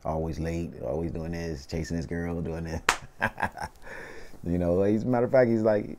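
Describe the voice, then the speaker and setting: A man in his thirties with a Southern Californian accent, telling stories in a relaxed, slangy way during a casual interview, full of "you know what I mean". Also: sits low, normal speed, noisy background. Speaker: interview guest, rapper.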